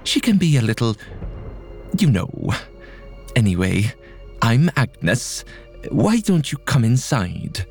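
A man's voice: medium pitch, sing-song, slow pace, gravelly, long pauses, darkish tone, faint music behind, full character voice. A male narrator voicing a breezy, stubborn old woman who refuses to leave her home.

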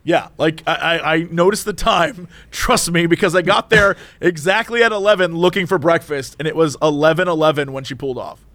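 A man's voice: a little high, brisk, hardly any pauses, a bit bright, no echo. A man co-hosting a podcast, animatedly retelling a story in casual chat with laughter. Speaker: podcast co-host.

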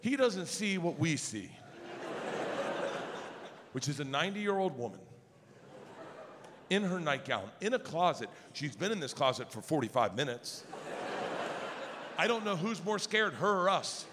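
A man doing animated stand-up storytelling on a large theater stage, building to loud punchlines. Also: a little high, unhurried, pauses often. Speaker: stand-up comedian. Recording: reverberant live theater, audience noise.

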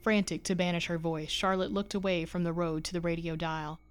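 Woman narrator for a horror audio story, slightly low voice, steady suspenseful telling. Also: a little fast, clear, resonant tone. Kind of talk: scripted narration.

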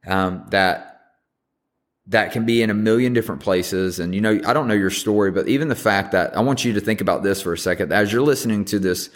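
A man in his thirties hosting a podcast, talking earnestly and haltingly with many ums and restarts. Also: deep voice, a bit bright. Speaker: podcast host. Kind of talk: personal reflective monologue.

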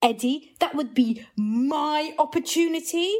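A woman's voice: sits high, a little slow. A woman comedian guesting on a podcast, chatting playfully and acting out scenes. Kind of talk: casual chat.

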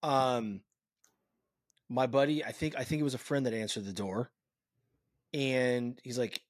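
A man hosting a podcast, telling a story in casual chat, animated and swearing freely. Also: medium pitch, unhurried, pauses often, dry recording, clean studio sound. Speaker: podcast host. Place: lives in Saint Louis.

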